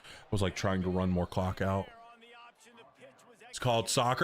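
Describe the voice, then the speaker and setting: A middle-aged man from North Carolina speaks in a low voice at normal speed while casually chatting on his gaming stream. He jokes, talks slang and reads chat messages to viewers.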